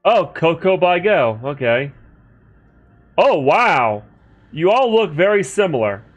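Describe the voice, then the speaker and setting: A man's voice: on the high side, sing-song, slow, highs cut off, soft background music. Chatty male game streamer. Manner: chatty, talks to chat while reading game text. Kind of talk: casual livestream commentary.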